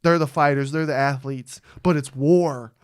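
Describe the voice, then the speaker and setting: A man hosting a casual podcast chat, animated and profane, loudly acting out what others said. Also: mid-range voice, normal speed, clean tone, no room sound, studio quality. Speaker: podcast host.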